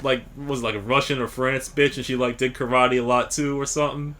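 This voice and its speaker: A man's voice: mid-range voice, steady tone, a little fast, a bit bright. A young man who teaches, co-hosting a casual podcast chat, laughing often and telling anecdotes with acted quotes. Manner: laughs a lot, tells stories with acted quotes.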